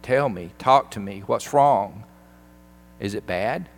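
A man's voice: fairly low pitch, takes it slowly, big-room sound. Teenage boy jock as voiced by a preacher, earnest, questioning, plain voice. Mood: pressing.

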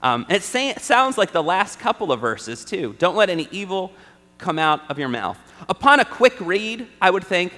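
A man with a fairly high, bright and forceful voice gives a chatty, conversational sermon, often asking his listeners "right?". His words ring out with a long reverb through a large church hall. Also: big pitch swings, moderate pace. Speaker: preacher.

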